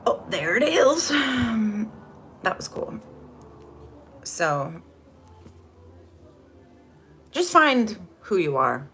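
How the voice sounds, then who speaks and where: A woman's voice: medium pitch, sing-song, extremely slow, a bit bright. A woman hosting a casual spiritual livestream, chatty and rambling as she greets viewers from the chat. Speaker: livestream host.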